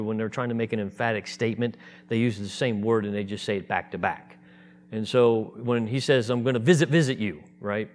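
A man preaching a sermon, animated and acting out the voices of the people in his story. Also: mid-range voice. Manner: animated, acts out voices in quotes.

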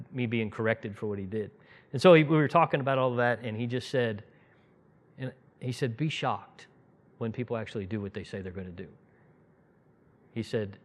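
A middle-aged man preaching a sermon as a pastor, telling personal stories conversationally and building into fervent preaching. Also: medium pitch.

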